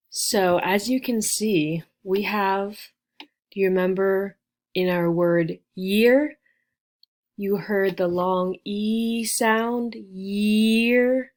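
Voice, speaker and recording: A woman's voice: mid-range voice, darkish tone. A woman teaching a beginner English lesson, patiently sounding out letters and praising her learners. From United States. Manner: slow, patient, encouraging, spells out sounds. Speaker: ESL teacher.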